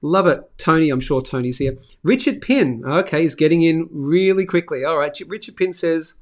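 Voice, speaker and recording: A man's voice: a little high, lively intonation, normal speed, hardly any pauses. A middle-aged man with an Australian accent, hosting a live finance show in a chatty, upbeat way and reading viewer comments aloud. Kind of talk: casual live-stream chat.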